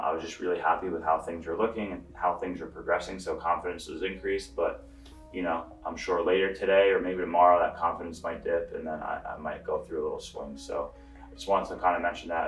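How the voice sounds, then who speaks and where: A deep-voiced young man, heard from a distant mic, gives a laid-back bodybuilding vlog update in reply to viewer questions. He explains at ease and leans heavily on fillers, his voice echoing off the room with faint music in the background.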